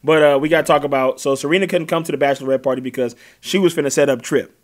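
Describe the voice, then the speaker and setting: A man's voice: on the high side, racing. A man co-hosting a podcast, recapping a TV episode in loose slang and acting out scenes with voices. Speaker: podcast co-host. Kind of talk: casual TV recap chat.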